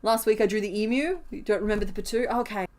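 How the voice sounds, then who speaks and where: A woman's voice: mid-range voice, very fast, darkish tone. A woman live-streaming as she crochets, chatting casually and rambling with frequent giggles and fillers.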